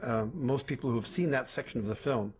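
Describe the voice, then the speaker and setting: A man interviewed as a language consultant for a film, speaking in a measured, explanatory way. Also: mid-range voice, muffled recording, slight background noise. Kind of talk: documentary interview.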